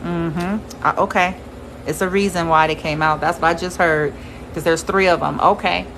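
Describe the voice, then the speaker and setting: A woman giving a casual tarot reading to her viewers, blunt and quick to swear and laugh. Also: on the low side, steady tone, fairly bright tone, slight background noise, rough recording. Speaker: tarot reader.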